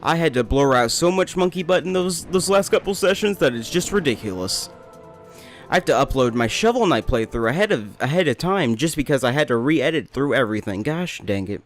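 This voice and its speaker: A man's voice: medium pitch, animated, fairly quick, soft background music. A young man casually commentating his gameplay, rambling, joking and talking to the characters on screen. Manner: rambling, joking, talks to the game. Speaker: let's play host.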